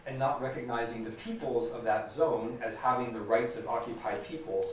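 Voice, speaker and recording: A man's voice: medium pitch, moderate pace, a little hiss or hum. A man with an American accent giving a public lecture, emphatic and repeating key phrases for stress. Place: large lecture hall. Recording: echoey hall recorded from a distance.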